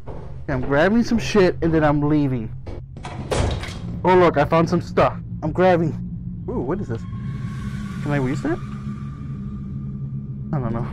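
A man's voice: fairly high pitch, low-quality recording. A young man playing a horror game alone in VR, swearing freely and shrieking when frightened. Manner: jumpy, swears a lot, shrieks when scared. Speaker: gaming streamer. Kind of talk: solo horror game commentary.

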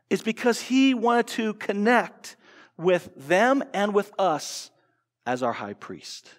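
A man's voice: sits high, lively intonation, slow pace, long reverb tail. An American man preaching a sermon, earnest, asking rhetorical questions and restarting phrases as he goes. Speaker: pastor. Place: church sanctuary.

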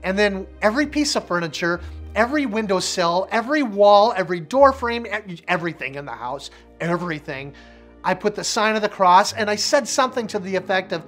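A man's voice: sits high, expressive, a little fast, a bit bright, soft background music. A middle-aged man, a minister, sharing a personal testimony with vivid, emphatic repetition.

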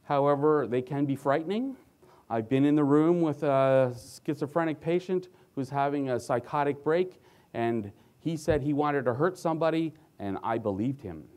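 A man's voice: a little high, moderate pace, darkish tone. A man who works as a physician, giving a conference lecture in an earnest way and telling stories about his patients. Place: conference hall stage.

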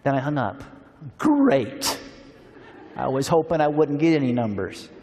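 A man preaching at a seminar, telling a story with animated delivery and acting out the dialogue. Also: medium pitch, unhurried, a little hiss or hum. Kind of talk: storytelling sermon. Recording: long hall reverb.

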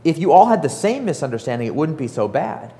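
A man giving a casual, animated talk to an audience, full of fillers and acted-out quotes. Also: a little high, fast, in a large hall. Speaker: startup author and speaker.

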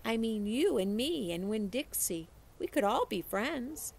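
A woman's voice: on the high side, big pitch swings, unhurried, vocal fry, voice pushed up, full character voice. A woman voicing a curious young girl in a read-aloud storybook, asking eager, wide-eyed questions.

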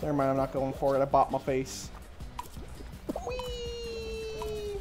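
A woman streaming a party game, giving excited play-by-play and yelling at every win and fall. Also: extremely low pitch, fast. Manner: excitable, shrieks and yells at wins and falls. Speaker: gaming streamer. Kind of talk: excited let's-play commentary. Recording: game music behind the voice.

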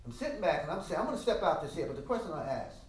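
An older man teaching a music masterclass, animated and emphatic, singing out rhythms with drum sounds in a classroom. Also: on the high side, rapid-fire. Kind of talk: masterclass lecture. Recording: roomy sound from a distant mic.

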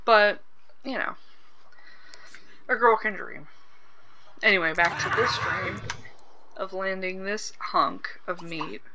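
Playing through a game for her channel, a woman chats casually, curses freely and reacts out loud to the on-screen action. She speaks in a mid-range voice at a slow pace, pausing often, with background noise.

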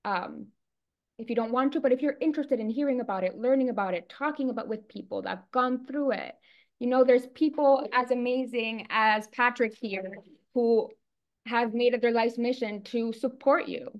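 A woman's voice: a little high, normal speed. A woman hosting a chat, speaking admiringly and encouragingly. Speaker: host. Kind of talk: casual chat. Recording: dull lo-fi audio.

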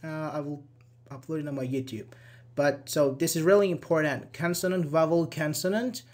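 A man's voice: on the high side, steady tone, normal speed, a little mellow. A man teaching English grammar in a live online class, explaining step by step, repeating examples and answering viewers' questions as they come in. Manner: repeats examples and checks understanding.

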